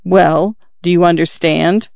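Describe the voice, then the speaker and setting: A man's voice: fairly high pitch, steady tone, slow pace, gravelly, a little mellow, no echo, lo-fi sound. A man voicing a wounded, dying middle-aged father who speaks earnestly and urgently to his son while out of breath. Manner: urgent, confiding, pleading. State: in pain, out of breath.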